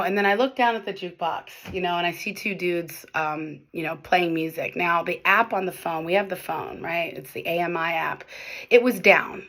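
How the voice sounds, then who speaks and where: A young adult woman bartender, getting over a slight cold, telling work stories to camera in a chatty, animated way. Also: on the low side. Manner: animated, chatty, acts out quotes with filler words. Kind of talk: casual storytelling to camera.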